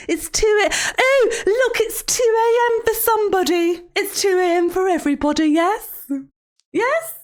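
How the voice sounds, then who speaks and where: A woman doing Mother Gooseberry, shrill and sing-song. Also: expressive, a little slow. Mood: mock-sweet. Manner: sing-song, mock-sweet, sudden profane outbursts. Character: creepy sing-song woman children's show host. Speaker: streamer. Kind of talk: livestream role-play.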